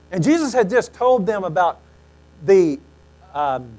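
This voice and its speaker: Animated man preaching a sermon. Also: sits high, takes it slowly, low-quality recording. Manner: animated storytelling, acting out quoted lines, frequent throat clearing.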